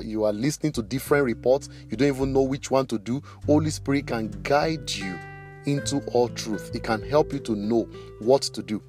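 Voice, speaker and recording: A man's voice: medium pitch, darkish tone. A man preaching a sermon, retelling Bible stories and acting out the people in them. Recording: faint guitar music behind.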